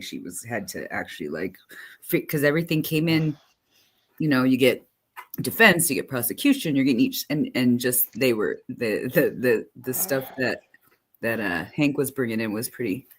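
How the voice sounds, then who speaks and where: A woman's voice: very deep voice, moderate pace, slight background noise. A woman co-hosting a casual chat, talking in a loose, rambling way and laughing easily. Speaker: co-host.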